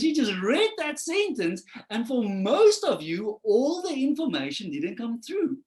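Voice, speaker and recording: A man's voice: very high-pitched, measured pace, hardly any pauses. A man presenting a webinar lecture as a trainer, talking conversationally with rhetorical questions and acting out quoted voices. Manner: animated, acts out quoted voices.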